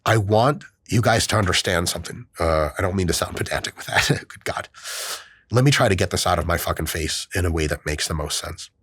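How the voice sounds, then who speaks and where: A man's voice: sits low, a little fast, breathy edge, no echo, clean studio sound. A man hosting a podcast in casual chat, swearing freely and acting out quoted voices. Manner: profane, animated, acts out quoted voices. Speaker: podcast host.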